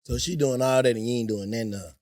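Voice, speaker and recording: A man hosting a casual interview, reacting quickly and pushing back on his guest. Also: medium pitch. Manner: quick, lively reactions with laughs and pushback. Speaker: podcast host.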